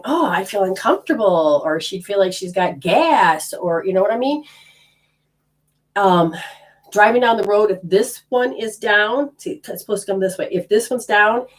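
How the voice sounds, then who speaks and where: A middle-aged woman teaching energy healing to a group in a casual, blunt way, swearing now and then. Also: medium pitch.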